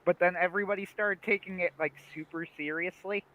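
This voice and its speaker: Bright, animated young man chatting. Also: high voice, brisk, lo-fi sound. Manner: animated, laughs often, many restarts. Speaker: livestream co-host. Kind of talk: casual chat about a TV series.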